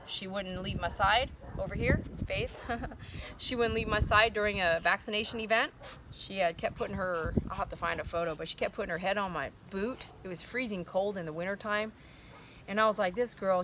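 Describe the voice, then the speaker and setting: A woman's voice: medium pitch, background noise. Earnest, rambling woman vlogging outdoors. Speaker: dog groomer. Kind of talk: casual vlog talk to viewers. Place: outdoors at sundown.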